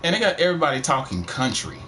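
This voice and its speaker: A man's voice: medium pitch, big pitch swings, fast talker, bright, forceful tone. A middle-aged man from Texas with a country accent, chatting casually and profanely while streaming a game from home. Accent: Texan country. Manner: rambling, profane, laid-back. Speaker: gaming streamer. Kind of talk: casual let's-play commentary.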